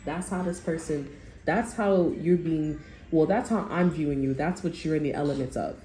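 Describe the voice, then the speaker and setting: Low-voiced woman giving a blunt tarot reading. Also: normal speed, warm tone, slight background noise. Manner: blunt, swears, quotes people in raised voice. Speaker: tarot reader. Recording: roomy sound with faint music.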